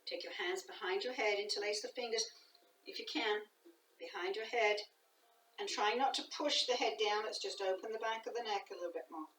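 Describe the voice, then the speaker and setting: A woman teaching a guided yoga class, calm and soft-spoken, often dropping to a near whisper. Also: mid-range voice, fairly quick, slight background noise. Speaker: yoga instructor. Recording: echoey room, voice from a distance.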